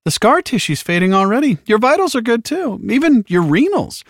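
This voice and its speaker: A man's voice: extremely high pitch, big pitch swings, fairly quick, no room sound, clean studio sound, voice pushed up, full character voice. A man voicing an overly cheerful male medic with a chirpy, bubbly delivery.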